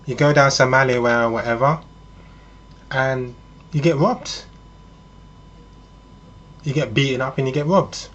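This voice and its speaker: A man's voice: medium pitch, unhurried, pauses often, fairly bright tone, highs cut off, a little hiss or hum. A man talking in a casual, rambling monologue, speaking to the listener as "you" and using frequent ums. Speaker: vlogger.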